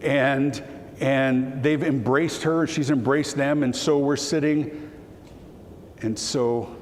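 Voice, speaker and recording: A man delivers a keynote talk, telling his story with animated, acted-out dialogue and a voice that breaks with emotion. His mid-pitched voice rings in a large hall with a long reverb tail. A faint background hum sits under the talk. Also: slow pace. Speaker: keynote speaker. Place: conference hall.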